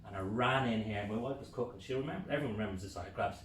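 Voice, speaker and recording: A man with a Dublin Irish accent, a guest on a podcast, telling a story in an excitable way and swearing freely. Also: lowish voice, very fast. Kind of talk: casual podcast interview storytelling. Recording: echoey room, distant mic, faint noise.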